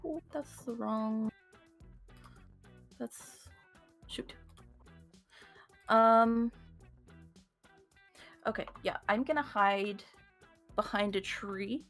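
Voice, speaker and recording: Woman, tabletop player, flustered, slow, faint music. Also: fairly high pitch, fairly bright tone. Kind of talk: casual tabletop play.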